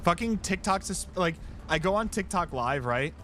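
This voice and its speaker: A man's voice: sits high, animated, moderate pace, pushed and bright, slight background noise. Joking young man streaming games. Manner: joking, rambling, crude banter. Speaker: streamer and host. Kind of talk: casual gaming chat with friends.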